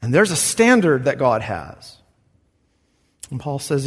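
A man's voice: medium pitch, big pitch swings, slow pace, husky, long reverb tail. A man preaching a sermon as pastor, earnest and conversational, acting out quoted voices as he goes.

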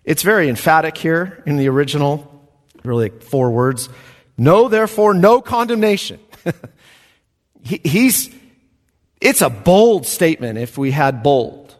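Animated man preaching in a reverberant hall. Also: a little high, unhurried, pauses often. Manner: emphatic, lively preacher with soft chuckles. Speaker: pastor. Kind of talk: expository sermon.

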